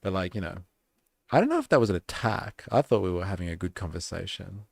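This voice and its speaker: A man's voice: sits low, big pitch swings, fast, creaky, no echo. A man hosting a live stream, reading comments and policies aloud with sarcastic, muttered asides.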